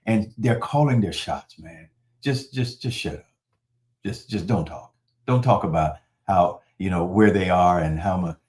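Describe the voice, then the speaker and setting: A man preaching a sermon in a conversational, animated storytelling manner. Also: low voice, unhurried. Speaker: pastor.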